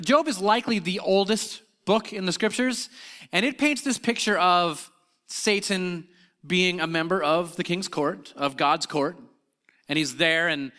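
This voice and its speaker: A man's voice: sits high, pushed and bright. A man teaching a sermon on scripture in a conversational way, with frequent fillers and restarts. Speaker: preacher.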